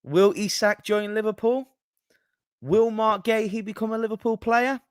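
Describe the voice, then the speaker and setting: A man's voice: high voice, moderate pace, clear, resonant tone, dry recording, studio quality, pitched above the performer's own voice, close to an everyday voice. A man mimicking a male stream host opening a show, in a hyped show-opener delivery.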